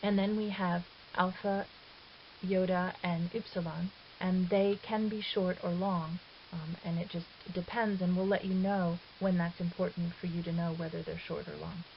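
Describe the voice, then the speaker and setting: Low-voiced woman teaching, lo-fi hiss. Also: flat delivery, normal speed. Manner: patient and explanatory, correcting herself in passing. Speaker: Greek teacher. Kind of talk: recorded lesson narration. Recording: dull hissy lo-fi 2009 recording.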